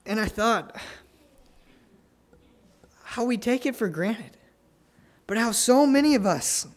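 A man preaching an earnest sermon, telling family stories and pleading gently with listeners to come to faith. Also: very high voice, animated. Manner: earnest, pleading, tender pauses. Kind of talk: sermon with altar call.

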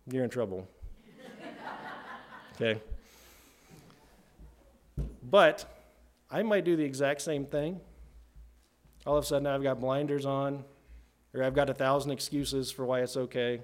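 A man's voice: fairly high pitch, fairly even intonation, normal speed, long pauses. A middle-aged man preaching a sermon in a conversational way, often checking in with "right?". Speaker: pastor.

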